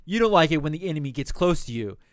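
A cool, analytical young archer, read by a man in a crisp, slightly high voice. The sound is dry and close, and the lines are read plainly. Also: lively intonation, fast, dry recording, lightly acted. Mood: explaining. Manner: read-out quotes, near his own voice.

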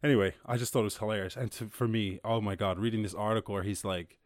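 A man's voice: fairly low pitch, quick pace, hardly any pauses, no echo, studio quality. Profane, ranting male podcast host. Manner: profane, animated ranting with laughs. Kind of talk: casual commentary podcast.

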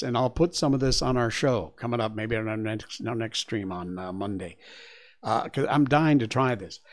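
A man's voice: fairly high pitch, gravelly. Chatty male host reacting to news. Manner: chatty, exclaiming, reading news aloud with asides. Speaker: show host. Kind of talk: casual commentary on news stories.

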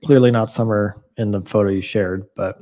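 A man's voice: lowish voice, fairly even intonation, moderate pace, mellow. A man hosting a podcast in casual chat, easygoing and jokey as he steers the talk and wraps up the episode. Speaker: podcast host.

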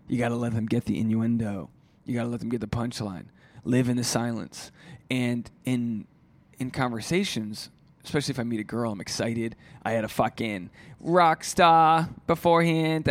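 A man who is a stand-up comedian, talking alone on his podcast in a rambling, profane, casual way. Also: mid-range voice. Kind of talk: solo podcast monologue.

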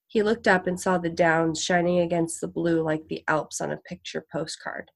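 Gravelly low-voiced woman storyteller. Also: fairly even intonation, normal speed, few pauses. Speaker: narrator. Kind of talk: audiobook reading of a short story.

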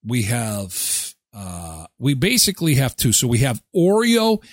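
A man's voice: medium pitch, unhurried, no echo, clean studio sound. A middle-aged man from Canada hosting a live show, chatting casually and joking sarcastically as he reads viewer comments. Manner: animated, joking, sarcastic asides.

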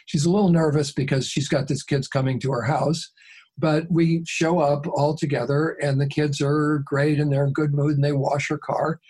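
A man who works as a mediator, telling a story calmly and steadily in an interview. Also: on the high side, slightly rough.

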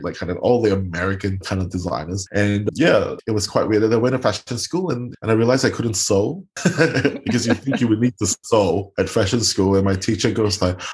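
A middle-aged man from Singapore with a Singaporean accent, telling stories in a casual interview, animated and often laughing. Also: on the low side, brisk. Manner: animated, laughs often, quotes people in put-on voices. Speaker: guest.

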